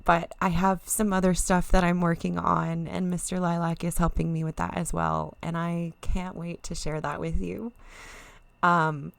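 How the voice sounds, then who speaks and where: Teary woman streamer, gravelly voice. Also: on the low side, level tone, measured pace, no room sound. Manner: emotional, thanking viewers warmly, rambling. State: teary, near crying. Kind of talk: casual live-stream chat.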